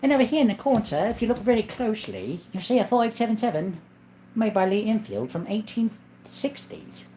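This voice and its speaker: A man's voice: sits high, expressive, brisk, dark tone, slight background noise, voice pushed up. A man putting on a playful mock-British accent, sing-song and calling people mate. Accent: put-on British. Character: chirpy mock-British male gun collector, cheerful.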